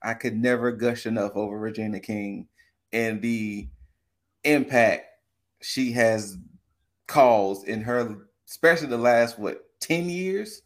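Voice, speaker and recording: Enthusiastic male co-host, mid-pitched voice, casual chat. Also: takes it slowly. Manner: enthusiastic, gushing. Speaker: podcast co-host. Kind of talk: casual movie review chat.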